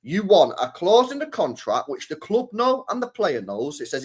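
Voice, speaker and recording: A man's voice: sits high, sing-song, moderate pace. A man hosting a live stream, ranting about football in a repetitive, slangy, sweary way. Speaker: streamer host.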